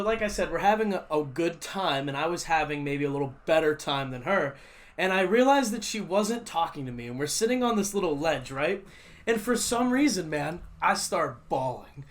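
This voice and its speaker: A man's voice: high voice, animated, moderate pace. A young man hosting a casual podcast, telling rambling stories and laughing often. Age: young adult. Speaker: podcast host. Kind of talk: casual chat.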